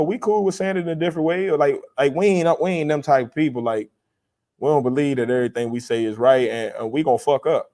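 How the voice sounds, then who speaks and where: An earnest male podcast host speaking at a middle pitch. He rambles and preaches a little, circling back to his point. His tone stays conversational throughout. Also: dark tone. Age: adult with a young child. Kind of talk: live re-watch commentary.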